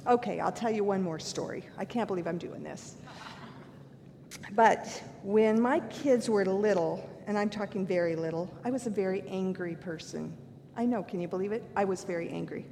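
A woman's voice: moderate pace, creaky, dark tone. Older woman preaching in a reverberant hall. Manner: earnest, candid and self-deprecating. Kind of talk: sermon with personal stories. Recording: long hall reverb, faint rumble.

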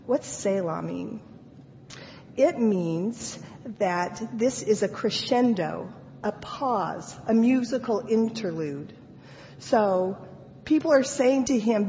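Slow, deliberate woman preaching in a hall. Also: mid-range voice, dark tone, highs cut off, a little hiss or hum. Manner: earnest, dramatic readings of scripture with pauses. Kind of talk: sermon.

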